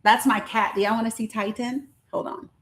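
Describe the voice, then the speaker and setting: A woman's voice: on the high side, fairly even intonation, brisk, a bit bright. Woman host, older, candid live-stream chat, outspoken and folksy. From rural American South. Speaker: livestream host.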